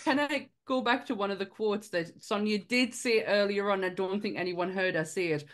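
A woman's voice: medium pitch, moderate pace. A woman in a casual podcast chat, laughing often and swearing as she talks. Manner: laughing, swears, hums tunes. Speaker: podcast guest.

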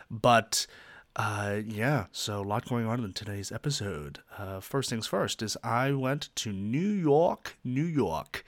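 Chatty low-voiced male podcast host. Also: fairly bright tone, dry recording. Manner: rambling and chatty with many ums and uhs; self-mocking, joking. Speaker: teacher. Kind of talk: casual solo podcast chat.

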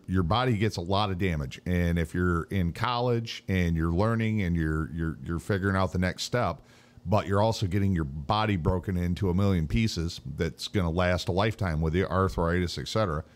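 A man's voice: low voice, expressive, moderate pace. A man co-hosting a casual chat show, talking in a laid-back, rambling, profane way. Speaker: podcast co-host.

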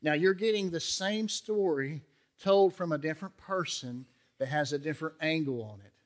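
A man's voice: on the high side, moderate pace. A male pastor preaching a sermon in a conversational way, acting out the quotes in character voices.

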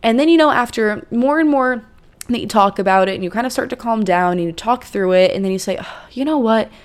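A woman's voice: mid-range voice, fast talker, clear, resonant tone. A young woman hosting a podcast, giving casual advice in a chatty, conversational way with plenty of fillers and asides. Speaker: podcast host.

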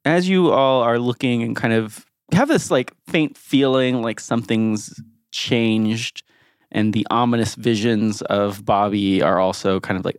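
Dude dm-ing a tabletop game, laughs a lot, keeps restarting sentences, dry close mic. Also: male voice, fairly low pitch, smooth, no room sound. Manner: playful, laughs often, trailing restarts. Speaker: game master.

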